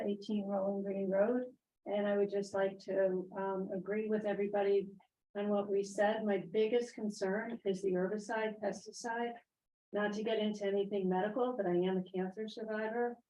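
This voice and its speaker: A woman's voice: medium pitch, level tone, moderate pace, dark tone. A woman speaking earnestly and steadily at a town meeting public comment. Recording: echoey room, distant muffled mic.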